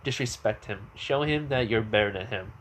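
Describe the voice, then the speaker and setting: A man voicing an elderly woman who works as a school nurse, brisk and fussing, in an improvised spoken fan story. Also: on the low side, fairly bright tone, a little hiss or hum, lightly acted.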